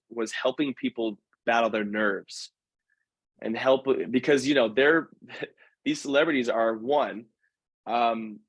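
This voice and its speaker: A man tells stories as a podcast guest, lively and relaxed, restarting phrases as he goes. His voice is in the middle of the male range, and the recording is close and dry. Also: medium pitch, no room sound, lo-fi sound. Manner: animated, acts out quoted voices, quick self-corrections. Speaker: guest, professional dancer. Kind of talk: casual storytelling in a podcast conversation.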